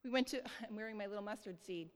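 A woman preaching a sermon in church, earnest and light, often laughing softly and checking in with the congregation. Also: mid-range voice, fast talker. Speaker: church speaker. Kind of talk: sermon on giving. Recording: long hall reverb.

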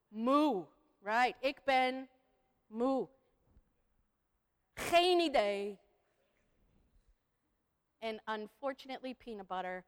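Woman speaker, high voice, slow unhurried delivery, playful and crowd-leading, live hall with long reverb. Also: a bit bright. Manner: playful, leads the crowd in repeating phrases. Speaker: speaker giving a talk to an audience. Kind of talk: lively presentation with audience participation.

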